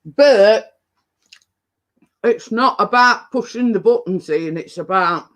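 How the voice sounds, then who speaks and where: A British man chatting casually to viewers on a live stream, his voice pitched high for a man. He talks slowly and rambles, with many fillers, restarts and trailing thoughts, sometimes while chewing. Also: fairly bright tone. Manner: chatty, eats while talking. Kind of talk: casual chat.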